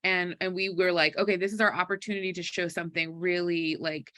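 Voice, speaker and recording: Quick, animated panelist with bright, dry voice. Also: mid-range voice, no room sound. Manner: quick and animated, casual phrasing. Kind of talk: conversational panel discussion.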